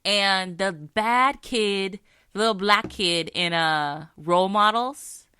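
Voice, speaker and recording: A podcast co-host speaks slowly in a smooth, mid-range voice with a sharp tone. She giggles often and comes across as a chatty storyteller, telling stories in casual conversation.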